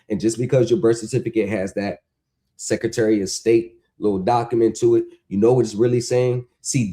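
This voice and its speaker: A man hosting a livestream, talking in an animated, mocking rant that is full of profanity and rhetorical questions. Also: mid-range voice. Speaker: stream host. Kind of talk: ranting livestream talk.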